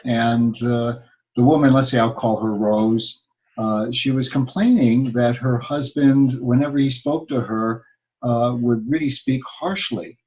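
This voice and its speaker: A man's voice: medium pitch, measured pace, darkish tone, highs cut off. A man who works as a couples counselor, talking things through thoughtfully with many fillers. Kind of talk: advice talk.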